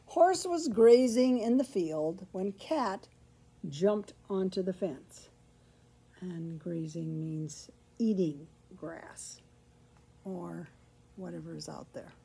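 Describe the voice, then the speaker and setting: A woman reading a picture book aloud to children as a library storyteller, pausing to explain words along the way. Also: lowish voice, creaky, dark tone, breathy edge.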